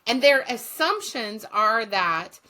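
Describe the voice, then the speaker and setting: A woman's voice: on the high side, animated, slow pace, sharp tone. A woman guest, a former social work teacher, telling stories in a blunt, profane and passionate way. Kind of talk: storytelling in conversation.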